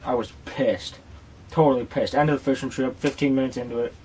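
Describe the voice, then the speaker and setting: A man telling casual vlog stories in a loose, rambling way. He swears often and jokes through his tale before moving on to a product review. His voice sits at an ordinary middle pitch. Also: steady tone, a little fast, darkish tone, slight background noise. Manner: rambling, profane and joking. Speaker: tobacco dip reviewer.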